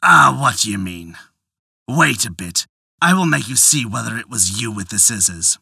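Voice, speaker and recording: A storyteller voicing an exasperated husband who questions his wife slowly and forcefully. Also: medium pitch, expressive, vocal fry, breathy edge, dry recording, studio quality, voice pushed down, full character voice. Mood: angry. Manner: slow, forceful, demanding. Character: angry exasperated husband, tailor. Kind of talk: storytelling voice acting.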